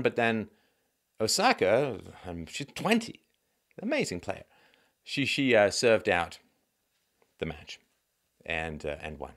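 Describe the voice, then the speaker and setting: A man giving an opinionated commentary monologue in a wry, sardonic way, with sighs and asides. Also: on the low side. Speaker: commentary vlogger.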